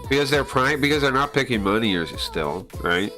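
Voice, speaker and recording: A man's voice: medium pitch, big pitch swings, normal speed, pushed and bright, soft background music. A man livestreaming, talking in a casual, rambling way, arguing his opinions and often repeating and restarting phrases. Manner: argumentative, lecturing tone.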